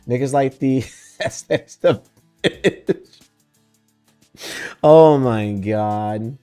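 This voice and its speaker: A laid-back man chats on a livestream as he answers his viewers. His voice is mellow and on the dark side, and his talk is loose and sprinkled with swearing and laughs. Soft guitar music plays faintly behind him. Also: medium pitch, very slow. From Texas. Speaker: VTuber streamer. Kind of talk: casual livestream chat answering questions.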